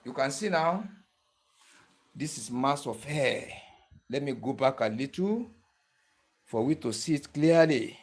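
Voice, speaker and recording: A man's voice: medium pitch, animated, measured pace, pauses often, darkish tone. A man giving a hands-on tutorial, repeating each step and often asking whether the viewer can see what he is doing. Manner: repetitive step-by-step instructions, keeps checking the viewer follows. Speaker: barber tool instructor.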